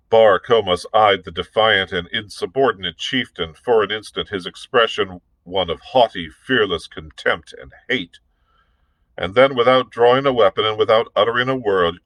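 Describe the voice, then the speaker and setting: A man working as a librarian, reading a novel aloud in a measured, deliberate way with the odd small slip and restart. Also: fairly low pitch, fairly bright tone, no room sound, rough recording.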